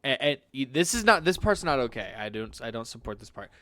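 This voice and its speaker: A man talks on a podcast mic with a lively, swinging pitch, blunt and profane as he acts out the reactions in his stories. His voice sits at an ordinary middle pitch, and the recording is dry and close, with no room sound. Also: a little fast, no echo. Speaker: podcast co-host. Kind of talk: casual chat. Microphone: studio microphone.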